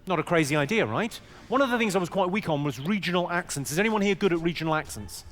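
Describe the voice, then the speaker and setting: A man doing a stand-up comedy set on stage, teasing the audience with quick crowd work. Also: sits high, lively intonation. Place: large comedy venue on stage. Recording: roomy hall with loud crowd noise.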